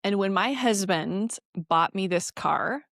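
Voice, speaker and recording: Woman in her forties, podcast co-host, lively storyteller, laughs a lot, acts out dialogue, dry close mic. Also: mid-range voice, takes it slowly, vocal fry, no echo. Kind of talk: casual chat.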